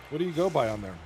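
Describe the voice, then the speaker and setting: A man casually commenting on an online hockey league stream, reading chat aloud, chatty and loose with frequent swearing and throat clearing. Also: on the high side, darkish tone, slight background noise.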